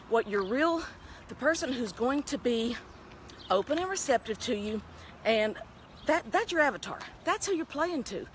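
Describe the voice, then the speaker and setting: Middle-aged Texan woman, a folksy vlogger, fairly high and very animated. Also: slight background noise. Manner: chatty, upbeat, folksy. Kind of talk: casual talking-head vlog. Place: outdoors on a town street, walking.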